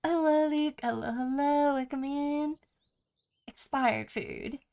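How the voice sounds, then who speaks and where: Gravelly-voiced lady streamer, casual gaming chat, slow and easy. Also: sits high, steady tone, darkish tone. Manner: chatty, reads chat aloud, lists options.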